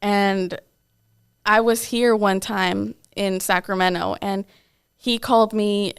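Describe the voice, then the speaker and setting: A woman's voice: medium pitch, steady tone, slow pace, creaky, clear, resonant tone. A young woman co-hosting a podcast, casually telling a personal story with lots of "like" and acted-out quotes. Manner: candid, lots of "like" and quoted asides. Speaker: podcast co-host.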